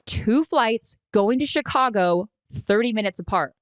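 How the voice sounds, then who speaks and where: A woman's voice: on the high side, unhurried, dry recording. Woman podcast co-host, forties, dramatic storyteller, dry close sound. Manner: animated, dramatic retelling with swearing. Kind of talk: casual storytelling chat.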